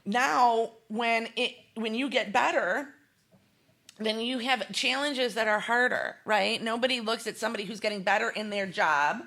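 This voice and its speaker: A woman's voice: fairly high pitch, normal speed, bright, forceful tone. A middle-aged woman speaking as an interview guest, talking in an earnest, emphatic way, laughing often and acting out quoted speech. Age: 40s or 50s. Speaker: guest, holistic chef. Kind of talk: candid interview talk.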